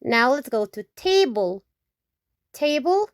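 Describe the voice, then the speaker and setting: A Spanish teacher, a native Spanish speaker, gives a slow alphabet lesson in a high, sing-song voice, taking her time with long pauses; the recording is dry and clean, studio quality. She patiently works through the vocabulary, repeating each example word several times and checking in with "okay?".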